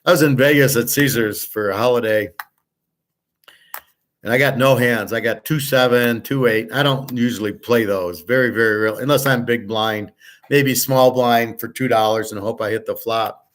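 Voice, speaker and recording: An American man hosts a live sports picks stream and talks casually to his viewers. He wanders through long, opinionated anecdotes and swears without hesitation. His voice sits at an ordinary middle pitch. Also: fairly even intonation, moderate pace. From United States. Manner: rambling and blunt, swears freely. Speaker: host of a sports betting picks show.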